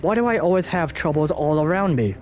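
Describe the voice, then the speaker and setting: A man performs a blustering middle-aged newspaper publisher who shouts and hurls insults at everyone, read aloud from a comic. His pitch sits high and climbs as he rants, with faint music behind. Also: animated, brisk, close to an everyday voice. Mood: angry, blustering.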